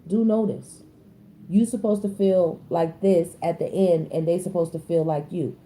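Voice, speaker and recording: Blunt slangy woman reading tarot. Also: unhurried. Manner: animated, slangy, blunt, with sudden high-pitched exclamations. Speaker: tarot reader. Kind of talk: casual spoken tarot reading.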